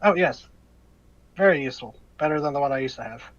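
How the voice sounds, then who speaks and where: A man's voice: a little high, expressive, fast talker, no room sound, highs cut off, natural voice. A man voicing a wry armored soldier woman. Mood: breezy. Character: female soldier with a prosthetic arm, brisk and wry.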